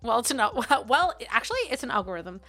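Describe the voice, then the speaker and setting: Young woman streamer, high bright voice, giggly rambling chat, faint music behind. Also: big pitch swings, a little fast. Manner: giggly, rambling, bursts into loud playful yelling. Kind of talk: casual live-stream chat with viewers.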